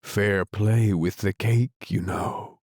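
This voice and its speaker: A weary male lion with a deep, hollow voice that yawns through its words, as a male audiobook narrator puts him on. He drawls very slowly in a dry, close recording. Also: fairly even intonation, a little mellow, dry recording. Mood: sleepy. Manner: yawning, slow, drawling. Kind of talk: audiobook character reading.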